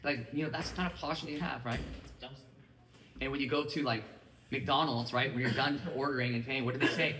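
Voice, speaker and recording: Energetic male trainer in an echoey room. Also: medium pitch, a little fast, a little hiss or hum. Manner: energetic, keeps checking in with listeners. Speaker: business mindset trainer. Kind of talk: motivational training talk to a live group. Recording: echoey room, mic at a distance.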